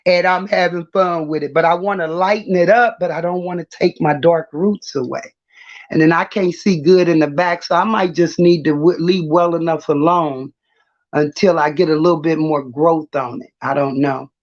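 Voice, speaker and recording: A woman's voice: low-pitched, steady tone, moderate pace. Middle-aged woman, livestream host, brash and laughing, muffled lo-fi audio. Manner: brash, trash-talking, laughs often. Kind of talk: casual livestream talk.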